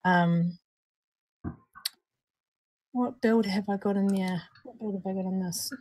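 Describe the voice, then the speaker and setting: A woman's voice: medium pitch, steady tone, slow pace, a little mellow. Bubbly New woman hosting a stream. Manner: chatty, bubbly, laughs often. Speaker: host of a live vape juice review stream. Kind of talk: casual live-stream chat. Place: at home, indoors at night.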